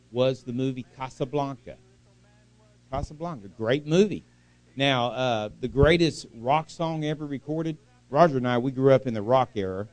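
A man's voice: mid-range voice, a little mellow, no echo. Folksy, chatty middle-aged man preaching. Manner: folksy, chatty, asks the congregation questions. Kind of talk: sermon.

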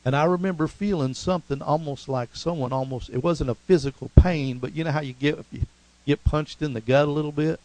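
A man's voice: on the high side, a little fast, darkish tone, low-quality recording. A man preaching a sermon in a chatty, storytelling way, with frequent "amen" and "you know" and a touch of humor. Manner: humorous asides. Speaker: pastor.

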